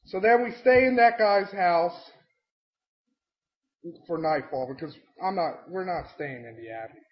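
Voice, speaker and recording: Young guy ranting about his d&d game, high voice, cusses nonstop, muffled lo-fi mic. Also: a little slow. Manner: excitable, swears constantly, shouts quotes. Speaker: tabletop game player recapping a campaign. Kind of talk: profane storytelling rant. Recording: dull lo-fi home mic.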